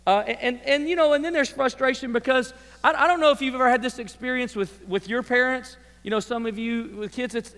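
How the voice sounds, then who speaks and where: A man's voice: sits high, a bit bright. A middle-aged man preaching with comic asides, mimicking people and repeating words as he talks. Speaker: pastor. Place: church sanctuary. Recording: large hall reverb.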